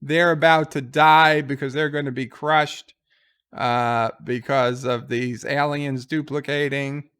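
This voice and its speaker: A man's voice: mid-range voice, fairly even intonation, slow, fairly bright tone, clear, resonant tone. A man casually recapping a TV episode as a reviewer, rambling with fillers and quoting lines.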